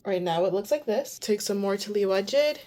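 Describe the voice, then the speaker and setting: A woman's voice: medium pitch, expressive, brisk, warm tone. A young woman talking casually through a hair tutorial at home, chatty and narrating each step. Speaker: vlogger.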